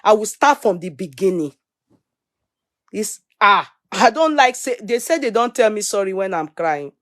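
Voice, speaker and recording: A middle-aged woman with a Nigerian accent, hosting a casual live stream, reading viewer comments and telling stories in an animated way, switching into Pidgin and Yoruba. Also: medium pitch, normal speed, no room sound, clean studio sound. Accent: Nigerian, Yoruba-influenced English. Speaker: livestream host.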